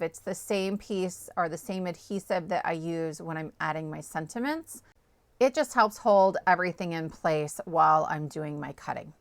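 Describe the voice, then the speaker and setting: An adult woman, a parent of small children, hosts a step-by-step crafting tutorial on making a card, chatty and upbeat and often checking in with "okay?" and "right?". Her voice is on the low side and a bit bright, with no room sound.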